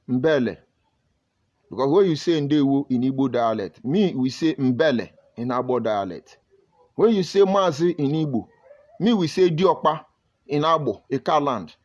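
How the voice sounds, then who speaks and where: A Nigerian man with a Nigerian accent gives emphatic, preachy live-stream commentary, greeting viewers and reading their comments aloud. His voice is on the high side and darkish, with big pitch swings and normal speed, though the audio is dull.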